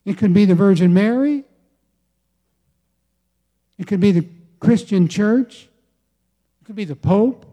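A man preaching a sermon from the United States, slow and deliberate, with emphatic pauses and repetition. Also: high-pitched, mellow. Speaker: pastor.

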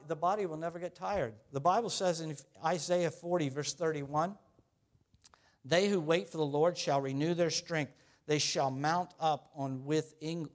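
Middle-aged man, pastor, sermon, slightly high voice, conversational, swings loud to quiet.

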